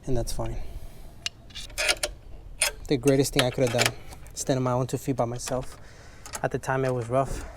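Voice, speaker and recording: A man's voice: mid-range voice, little pitch movement, normal speed, long pauses, noisy background. A man with English as his second language, frankly chatting in a rambling, motivational way while detailing his car, swearing casually.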